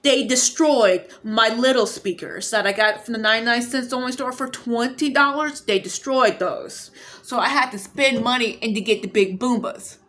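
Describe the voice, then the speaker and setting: A woman's voice: on the high side, normal speed, a bit bright. A woman in her forties talking to camera in an agitated, repetitive rant, with a speech impediment that shows when she gets emotional. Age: 40s. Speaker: vlogger.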